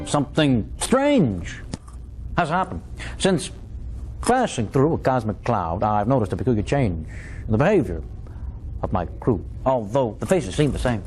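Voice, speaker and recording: A jittery starship captain , as a man impersonates him, lurching between drawn-out words and sudden rushes. The pitch leaps about, with faint music underneath. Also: big pitch swings, a little mellow, low-quality recording. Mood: manic. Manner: jerky stop-start phrasing. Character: twitchy, manic impression of a male starship captain.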